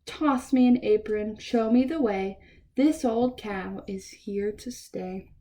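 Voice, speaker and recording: A woman's voice: medium pitch, slow pace, warm tone, natural voice. A woman voicing a cheerful old cow in a rhyming storybook, with a bouncy delivery.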